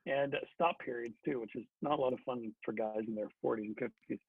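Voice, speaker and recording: Husky middle-aged man telling stories. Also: mid-range voice, fast talker, no echo. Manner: chatty, with many fillers and restarts. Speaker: former hockey player, guest. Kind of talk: casual storytelling. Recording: dry phone-like sound.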